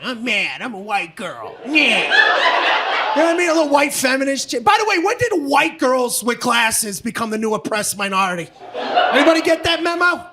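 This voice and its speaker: High-voiced man ranting on a comedy stage. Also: expressive, fairly quick. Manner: loud, profane, ranting with frequent shouting. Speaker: stand-up comedian. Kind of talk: stand-up comedy set. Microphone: handheld stage mic. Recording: noisy club recording. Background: audience laughter.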